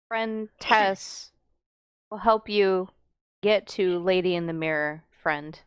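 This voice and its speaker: A woman voicing a gentle female adventurer who talks in slow, simple broken phrases. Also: on the low side, clear, resonant tone, no echo, highs cut off.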